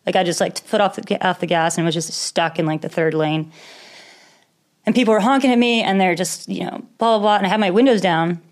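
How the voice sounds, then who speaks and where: A woman's voice: lowish voice, fairly quick. A young woman casually telling a personal story in conversation, candid and rambling, with nervous laughs and the odd swear word.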